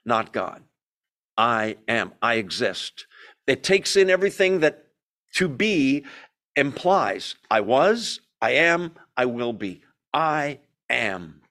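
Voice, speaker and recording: A man's voice: medium pitch, big pitch swings, slow, pushed and bright. A man teaching a Bible study in a conversational way, asking the group questions and telling the story with energy.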